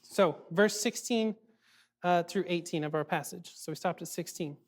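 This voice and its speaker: A man giving a casual youth sermon, animated and chatty, full of fillers and quick check-ins with his audience. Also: high-pitched. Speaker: youth ministry speaker.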